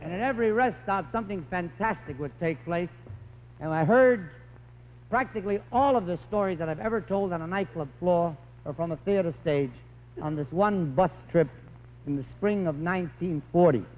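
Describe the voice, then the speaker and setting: High-pitched comedian guy rambling through gag stories, tinny old broadcast, faint hiss. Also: normal speed, long reverb tail. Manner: wisecracking, rambling anecdotes. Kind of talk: stand-up storytelling. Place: telethon stage.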